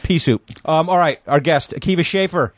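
A man's voice: a little high, no echo. A man co-hosting a podcast, bantering playfully with his guest. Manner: quick, playful banter, calls people bro. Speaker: podcast co-host. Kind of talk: casual chat.

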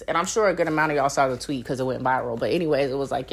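A woman's voice: low voice, steady tone, quick pace, few pauses, a bit bright. A young woman hosting her own podcast, chatting casually and candidly, swearing freely and laughing often. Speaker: podcast host. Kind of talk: casual solo podcast chat.

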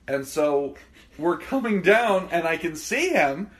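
A man's voice: on the high side, big pitch swings, takes it slowly. A man telling stories in casual, profane chat, acting out the voices of the people in them.

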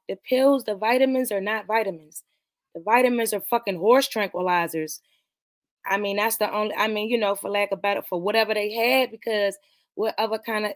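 A woman with a medium-pitched voice, recorded without echo, hosts a podcast where she reviews a movie. She casually recaps the plot in a rambling, profane manner, speaks straight to viewers and mentions being nervous about the live stream.

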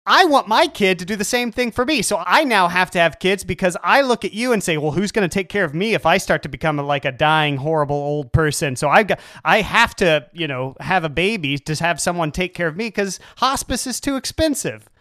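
A man's voice: high-pitched, animated, a little fast, hardly any pauses, bright, forceful tone, no echo. Sardonic, swearing man, dry sound. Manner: profane, darkly sardonic. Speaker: podcast co-host. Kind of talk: casual comedic rant.

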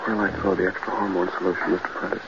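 A young assistant's ghostly remembered voice, low and quick, muffled old radio with hiss. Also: male voice. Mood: haunting. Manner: flat, repeated question fading away. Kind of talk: 1940s radio acting.

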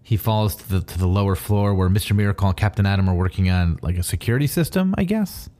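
Deep-voiced man chatting about comics. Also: expressive, quick pace, warm tone. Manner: adds fan background and trivia, with frequent fillers. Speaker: podcast co-host. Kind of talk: casual chat about a comic.

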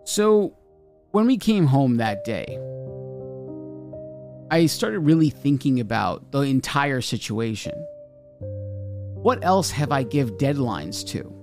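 A man's voice: medium pitch, sing-song, takes it slowly, pauses often, a little mellow, soft background music. A man hosting a podcast, delivering an emphatic, argumentative monologue. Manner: emphatic, argumentative, says okay often. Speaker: podcast host. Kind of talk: ranting monologue.

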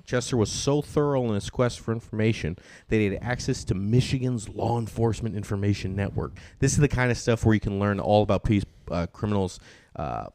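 A man's voice: fairly low pitch, fairly quick, darkish tone. A man who is a comedian and podcast host, reading a true-crime story from notes and joking with his co-host. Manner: reads notes steadily, then trades banter.

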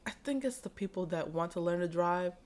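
A woman as a guest in a casual chat, telling stories in a relaxed way and laughing often. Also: lowish voice, fairly quick.

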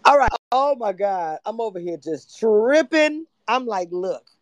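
A woman hosting a livestream, chatting animatedly and excitably about a reality show, sometimes breaking into shouts and laughter. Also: a little high, unhurried, no echo. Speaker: livestream host. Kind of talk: casual reality-TV recap chat.

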